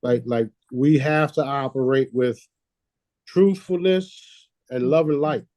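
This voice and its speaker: A man's voice: mid-range voice, slow pace, a little mellow, no echo. A man hosting a casual talk, boastful and preachy, swearing freely and laughing at his own lines. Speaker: host.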